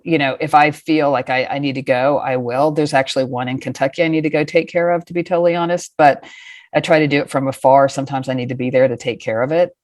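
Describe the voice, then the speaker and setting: A woman in her fifties with a low voice tells stories frankly, drifting off on tangents and swearing casually. The sound is close and dry, with no room around it. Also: no echo. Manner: frank, rambling, profane. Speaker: guest. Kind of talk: casual storytelling.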